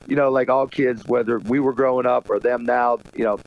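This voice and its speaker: A man's voice: medium pitch, steady tone, a little fast, highs cut off. A middle-aged man chatting as a guest on a radio show, rambling with lots of fillers and laughing often. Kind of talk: casual radio interview chat.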